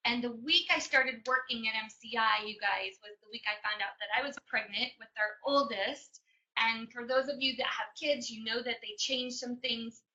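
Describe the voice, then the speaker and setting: A woman from Chicago telling an audience her personal story, in an emotional, animated way. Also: a little high. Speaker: business presenter. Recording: dull lo-fi recording.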